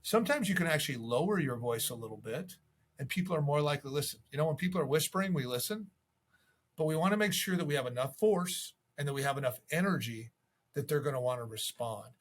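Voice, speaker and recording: A man's voice: a little high, lively intonation, fast talker. A man coaching real estate agents in a casual, conversational way, acting out sample voicemails. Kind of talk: casual video tips to camera.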